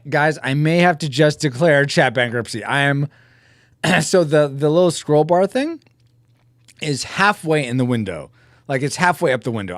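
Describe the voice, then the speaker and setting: A man's voice: mid-range voice, no room sound, studio quality. A man live-streaming while drawing pixel art, chatting casually and joking about himself to his viewers. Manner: chatty, self-mocking, talks to chat.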